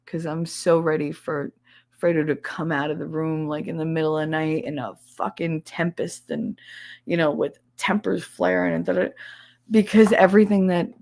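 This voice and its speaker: A woman's voice: sits low, creaky, a little mellow. A middle-aged woman with a thick regional American accent, chatting bluntly and confidingly on a casual livestream, swearing freely. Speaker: streamer.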